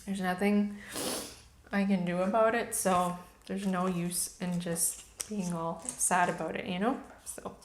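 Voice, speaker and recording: A woman's voice: fairly low pitch, steady tone, measured pace, roomy sound, slight background noise. A woman in her thirties chatting candidly to camera while doing her makeup, opening up about personal matters. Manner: candid, chatty, emotional at times. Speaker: beauty vlogger.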